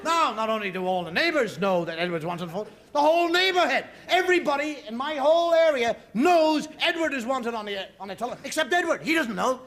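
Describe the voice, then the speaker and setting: A man performing a stand-up comedy monologue, animated and exasperated, sometimes breaking into shouts. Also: extremely high pitch, a little fast, few pauses, a faint crowd. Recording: loud audience laughter and noise.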